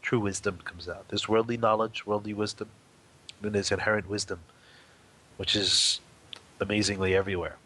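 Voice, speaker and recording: A man's voice: fairly low pitch, normal speed, long pauses, slightly rough. A man sharing teaching stories in an easygoing, rambling way, acting out the voices in them. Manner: rambling storyteller, animated quoted voices. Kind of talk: casual spoken teaching.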